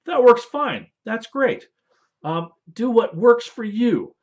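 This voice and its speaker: A man explains tabletop game rules in loose, rambling casual talk with playful asides. His pitch rises and falls a lot. The recording sounds dull and lo-fi. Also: sing-song, slow. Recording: dull lo-fi audio.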